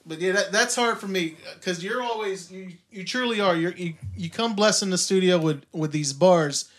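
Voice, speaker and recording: A man co-hosting a casual podcast about making music, animated and stammering, often acting out what he said. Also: high-pitched, moderate pace. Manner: stammering restarts, animated, quotes himself. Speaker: podcast co-host, music producer. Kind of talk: casual chat. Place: recording studio.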